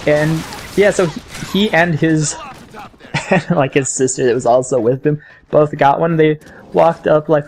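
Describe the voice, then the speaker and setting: A man's voice: mid-range voice, darkish tone, slight background noise. A young man hosting a gaming channel, telling rambling, chatty stories while he plays. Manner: rambling, chatty storytelling between game reactions. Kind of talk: casual gameplay commentary.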